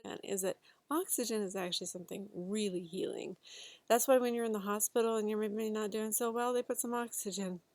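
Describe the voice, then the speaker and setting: A woman guiding a breathwork class, talking gently and unhurriedly with a few fillers. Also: mid-range voice, fairly even intonation, fairly quick, dry recording. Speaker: breathwork facilitator. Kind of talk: guided instruction to a class.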